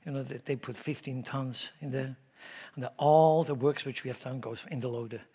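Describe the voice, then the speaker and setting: A man preaching a sermon to his congregation, swinging between loud emphatic declarations and low asides, often repeating words and asking the room questions. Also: steady tone, normal speed, breathy edge. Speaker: pastor. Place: church.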